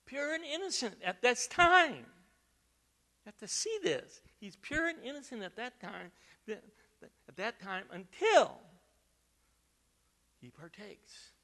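A man preaching a sermon, emphatic, with repeated words and loud stressed phrases. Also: very high-pitched, big pitch swings, takes it slowly, long pauses.

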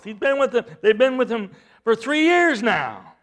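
A man preaching a sermon, emphatic, with rhetorical questions and swings between loud and hushed delivery. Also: very high voice, big pitch swings, normal speed.

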